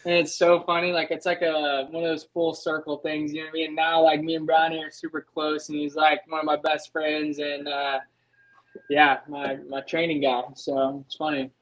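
Animated young man with a higher voice. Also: normal speed, low-quality recording. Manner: animated, leans on filler words, acts out his own past thoughts. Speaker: guest, motocross racer. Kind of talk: casual podcast storytelling.

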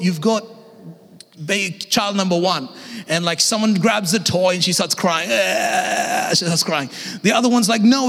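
A man in his thirties delivers a lively sermon in a high voice, speaking casually and animatedly to his congregation. His words carry a long reverb from a large church auditorium. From Australia. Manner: energetic, conversational preaching with acted-out voices. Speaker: guest pastor.

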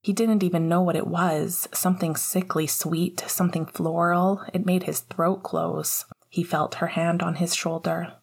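A woman narrates a story in a calm, measured way. Her voice is low-pitched and breathy, with a husky softness. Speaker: audiobook narrator. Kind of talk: reading fan fiction aloud.

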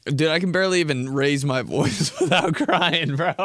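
A man's voice: a little high, moderate pace, fairly bright tone, no room sound. A young man hosting a podcast, talking through a rambling comedic monologue from a studio, laughing often and calling his listeners dude and bro. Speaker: podcast host.

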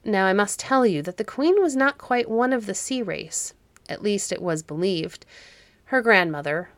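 A woman's voice: medium pitch, dry recording. Woman reading a fairy tale. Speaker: audiobook narrator. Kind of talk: scripted storybook narration.

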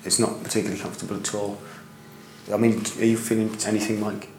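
A lowish male voice with a dry, mock-earnest, self-mocking comic delivery. It rings around a roomy, echoey pub room, with faint background hiss. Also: level tone, fast, darkish tone. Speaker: co-host. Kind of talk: comic ghost-hunt banter. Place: old pub at night.

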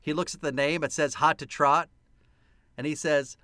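A man co-hosting a podcast, excitedly retelling a film scene by scene with lots of laughter, in casual chat. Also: on the high side, moderate pace, no room sound, clean studio sound. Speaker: podcast co-host.

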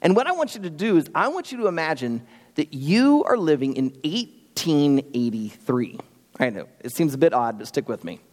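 Young male pastor, lively conversational sermon, fairly high voice, church hall reverb. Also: moderate pace. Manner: animated storytelling, lively and conversational. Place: church sanctuary.

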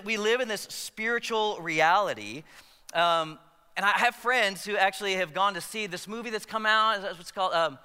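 Brief: male pastor, high-pitched and sharply forceful, chatty sermon with jokes, in a long-reverb hall. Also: smooth. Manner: conversational, joking asides to the congregation.

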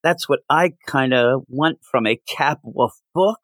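Animated man reviewing comics. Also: medium pitch, unhurried, no room sound. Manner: animated, acts out quoted characters. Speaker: podcast co-host. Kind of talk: casual comic book review chat.

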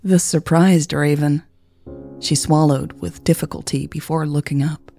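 A woman host reading a romance story aloud in a calm, measured way. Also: low voice. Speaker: podcast storyteller. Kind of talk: story narration. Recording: faint music behind.

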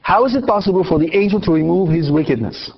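A man giving a Bible teaching, his voice a little higher than most men's. He asks his listeners questions and answers them himself, often starting his sentences over. The recording sounds slightly dull and lo-fi. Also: expressive, fast, husky. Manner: questions the audience and answers himself, with many restarts. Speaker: Catholic teacher.

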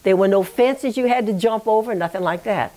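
A woman's voice: mid-range voice, fairly quick, dark tone. A woman recounting a relative's history in an oral history interview, talking in a reflective, digressive way and checking in with "you know" and "okay?".

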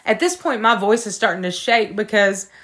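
Woman, podcast co-host, earnest storyteller, middle-pitched voice. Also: moderate pace, fairly bright tone. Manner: earnest, heartfelt, talks straight to listeners. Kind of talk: personal storytelling in casual chat.

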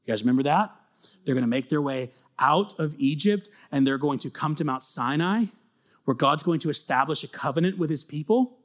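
Male preacher, higher voice, dramatic storyteller who surges loud at key points. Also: brisk. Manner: animated, dramatic storytelling, builds to near-shouting. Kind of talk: sermon.

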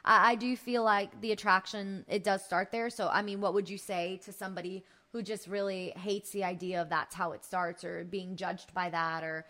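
A woman's voice: mid-range voice, flat delivery, moderate pace, hardly any pauses, bright, forceful tone. A woman talks through a casual chat as a co-host. She is chatty and curious, tossing in fillers and posing questions to her partner.

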